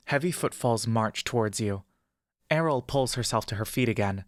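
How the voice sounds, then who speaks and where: A man narrating a fantasy adventure story in the second person, with steady, measured pacing. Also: medium pitch, dry recording, studio quality.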